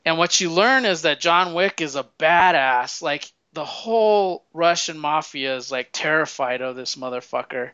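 A man's voice: on the high side, lively intonation, moderate pace, hardly any pauses, pushed and bright, clean tone, no room sound, dull audio. A man in casual chat, rambling through movie plots with lots of swearing and acted-out quotes. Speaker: movie fan recommending films.

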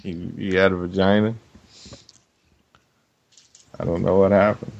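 A man co-hosting a podcast in casual chat, telling stories loudly and animatedly with profanity and shrill mock quotes. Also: level tone, a little slow, gravelly, highs cut off. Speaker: podcast co-host.

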